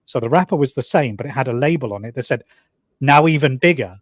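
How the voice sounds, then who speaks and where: Man from the UK, quick talker, casual anecdotes, dry close recording. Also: medium pitch, lively intonation, dry recording. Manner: brisk, anecdotal, laughs through stories. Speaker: co-host. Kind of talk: casual chat.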